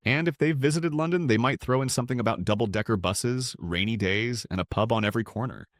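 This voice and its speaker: A man narrating a scripted documentary with a measured, rhythmic delivery that pauses between listed items. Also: mid-range voice, no echo, studio quality.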